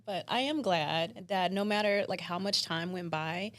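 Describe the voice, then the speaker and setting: A woman's voice: fairly low pitch, unhurried, a bit bright. A woman, co-hosting a casual chat. She talks emotionally, laughs often and says "like" a lot. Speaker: podcast co-host.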